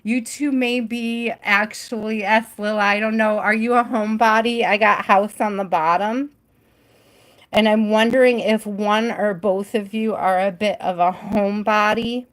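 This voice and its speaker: A woman's voice: mid-range voice, fairly even intonation, unhurried, fairly bright tone. A woman hosting a live tarot reading stream, chatty and giggly, often trailing off mid-thought.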